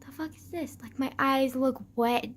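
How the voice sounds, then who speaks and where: A young woman vlogging to her camera, rambling excitedly, laughing often and swearing a lot. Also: high voice, a little slow. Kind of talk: casual rambling vlog.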